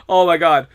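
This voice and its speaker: A man co-hosting a casual podcast chat, laughing often between lines. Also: sits high. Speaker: podcast co-host.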